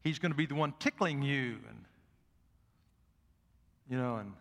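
An older man and pastor preaching a sermon in a church. He is folksy and swings from loud emphatic peaks to soft asides. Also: mid-range voice, a little slow, vocal fry, in a large hall. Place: church sanctuary.

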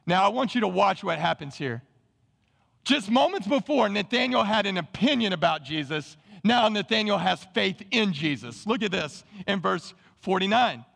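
A man preaching a sermon to his church, animated and calling on the congregation to answer. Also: sits high, moderate pace, vocal fry, in a large hall. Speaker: pastor. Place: church sanctuary.

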